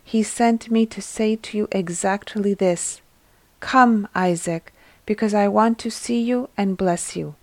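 An eager, emphatic shepherd man , read by a woman in a devotional storybook reading. The words come slowly and urgently, and the recording is dry and close. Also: mid-range voice, no echo, close to an everyday voice. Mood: excited. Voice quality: read aloud in narrator's own voice. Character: excited male shepherd disciple, eager.

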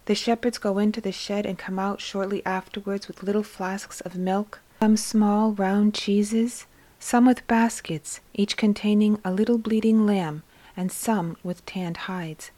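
A woman reading a religious story aloud, narrating and voicing the characters in a soft, hushed manner that often falls into a whisper. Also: medium pitch, steady tone, a little slow.

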